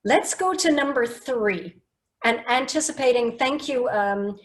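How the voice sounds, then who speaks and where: Woman speaking coach, online workshop, slow deliberate delivery, lively and coaxing. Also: a little high. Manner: lively, coaxing and emphatic, reads chat replies aloud. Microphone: video call.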